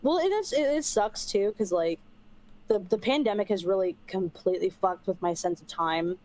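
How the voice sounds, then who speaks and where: A woman's voice: mid-range voice, normal speed, a little mellow, low-quality recording. A young woman streamer rambling in casual chat while gaming, swearing offhand and using lots of fillers.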